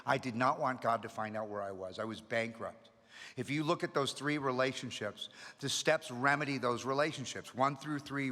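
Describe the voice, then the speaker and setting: A middle-aged man shares his recovery story before an audience, lively and funny throughout. He speaks in a bright, forceful mid-range voice, echoing with the long reverb of a hall.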